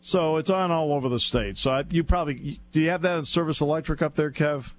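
A man's voice: fairly high pitch, fast, slight background noise. A man telling a funny anecdote as a guest on a sports radio show, laughing often as he goes. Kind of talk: casual radio chat, storytelling.

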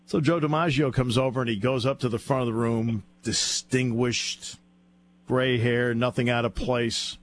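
A man's voice: mid-range voice, steady tone, moderate pace, a little hiss or hum. A man telling a funny anecdote as a guest on a sports radio show, laughing often as he goes. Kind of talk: casual radio chat, storytelling.

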